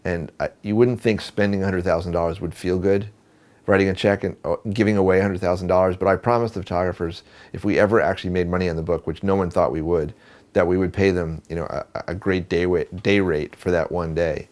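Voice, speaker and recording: A man with a low, deep voice tells a long story at a quick clip. He talks conversationally, with plenty of fillers and restarts. He acts out the voices in the dialogue he recalls. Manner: animated, acts out quoted dialogue. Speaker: photographer and book producer. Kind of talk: storytelling interview.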